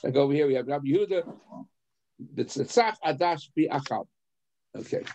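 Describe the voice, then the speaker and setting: High-voiced man teaching a class. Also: lively intonation, mellow, low-quality recording. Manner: explains, asks the class questions, chuckles often; halting, repeats words. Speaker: rabbi teaching adult education. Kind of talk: adult education class on the Passover Haggadah.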